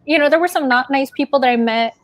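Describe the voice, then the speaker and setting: Chatty high-voiced young-sounding woman. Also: fast, dry recording. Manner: chatty, many fillers and likes. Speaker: guest. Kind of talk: casual group chat.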